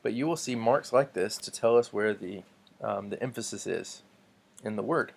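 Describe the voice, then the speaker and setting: A lower-pitched man talks through a lesson in a relaxed, explanatory way. His speech is loose and unscripted, full of ums and restarts as he works through his points. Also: normal speed, vocal fry, breathy edge. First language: English. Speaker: teacher. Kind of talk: recorded classroom lecture.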